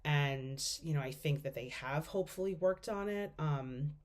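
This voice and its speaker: A woman's voice: low-pitched, normal speed, a little mellow. A young woman giving a class presentation as a student, speaking casually with lots of fillers as she thinks aloud.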